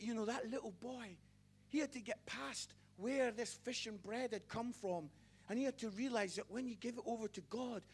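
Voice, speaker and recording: A young evangelist delivers a fervent sermon in a notably high voice for a man. He builds to loud, excited bursts, then drops to hushed confessions, and trips over his words with repeated stammered starts. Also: slightly rough. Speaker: evangelist preacher. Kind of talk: passionate sermon.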